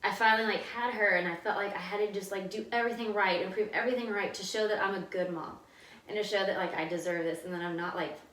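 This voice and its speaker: A woman's voice: mid-range voice, fairly even intonation, a bit bright. A woman in her thirties hosting a podcast, talking in a casual, confessional way with many fillers. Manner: fast, filler-heavy, confessional talk. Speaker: podcast host. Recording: roomy sound, mic at a distance.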